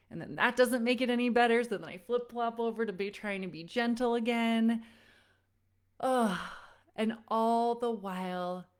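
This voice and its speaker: Encouraging woman coach talking to parents. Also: mid-range voice. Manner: encouraging, speaks straight to listeners as friends; conversational storytelling with frequent "like". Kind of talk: live online workshop talk.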